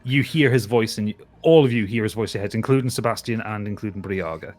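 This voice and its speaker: A man's voice: lowish voice, fast, darkish tone. A man narrating a tabletop game as game master, often restarting his sentences and laughing. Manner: stumbling restarts, laughing asides.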